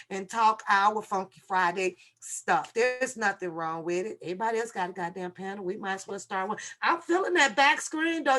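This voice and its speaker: Brash, bright-voiced woman livestream host. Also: high-pitched. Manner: brash, profane and animated, laughing and talking straight to her chat. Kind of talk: casual livestream chat. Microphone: video call.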